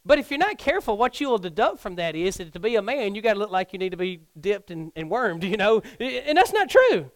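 Youth pastor preaching, middle-aged guy, kinda high voice, goes from hushed to hollering, dry sound. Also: lively intonation, fast, few pauses, no echo. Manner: preaching with big swings from hushed to near-shouting. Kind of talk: sermon.

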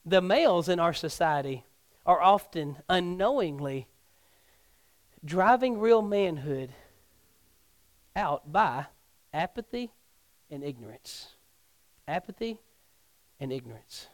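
Preaching man with a high voice. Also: lively intonation, slow pace, pauses often, dry recording. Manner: preaching with big swings from hushed to near-shouting. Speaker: youth pastor. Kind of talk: sermon.

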